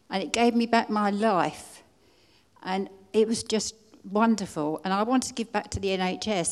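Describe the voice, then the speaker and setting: An older woman from England giving an earnest personal testimony at a conference, pleading and halting now and then as she restarts her words. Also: mid-range voice, a little mellow. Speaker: conference speaker. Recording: long hall reverb.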